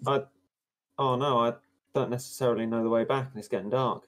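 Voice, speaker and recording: A man's voice: medium pitch, steady tone, a little fast, a bit bright. A man chatting during a game, wry and rambling, spinning mock-profound musings. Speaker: gaming partner. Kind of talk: casual gameplay chat.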